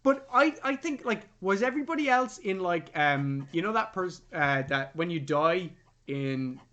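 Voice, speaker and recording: A man recaps a film on a casual review podcast. His voice sits high and bright, and it swings widely as he talks. He keeps dropping into mocking impressions of the characters. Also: animated, a little slow, highs cut off. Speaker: podcast co-host.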